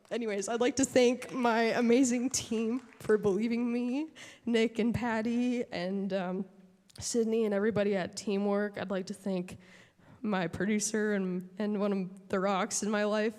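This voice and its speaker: Halting woman giving an award speech. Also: medium pitch, steady tone, a little mellow. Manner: halting, many fillers and restarts. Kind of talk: emotional acceptance speech. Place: large hall at an awards show. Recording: long hall reverb.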